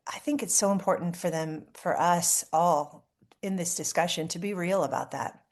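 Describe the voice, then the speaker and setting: A woman author talking as a podcast guest, telling candid stories in a warm way. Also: lowish voice, normal speed. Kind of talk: interview conversation.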